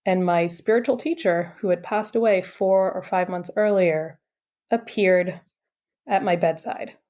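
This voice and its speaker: A woman guest on a podcast telling a personal story in an animated, chatty way, full of "like" and "you know". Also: lowish voice, a little slow. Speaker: podcast guest, intuitive coach.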